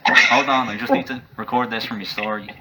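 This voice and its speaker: A man's voice: fairly low pitch, flat delivery, brisk, noisy background, natural voice. Andrew, a man doing a vain, offhand young pupil. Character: pudgy young male fighting pupil, vain.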